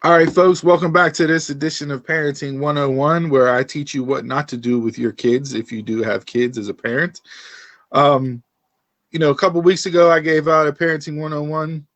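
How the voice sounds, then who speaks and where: Male podcast host, slightly higher voice, dry close sound, animated storyteller. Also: a little fast, no echo. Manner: animated storyteller, acts out quotes. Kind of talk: casual podcast chat.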